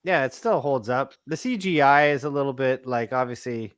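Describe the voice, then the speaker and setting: A man in a casual movie chat, rambling with many restarts and growing animated. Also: mid-range voice, moderate pace, clear, resonant tone, dry recording. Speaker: podcast guest.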